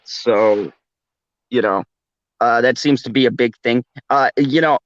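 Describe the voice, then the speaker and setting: A man's voice: medium pitch, unhurried, no echo, dull audio. A man hosting a casual late-night chat, rambling and laughing often. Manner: laughs often, rambling, does a mock Australian accent. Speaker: podcast host.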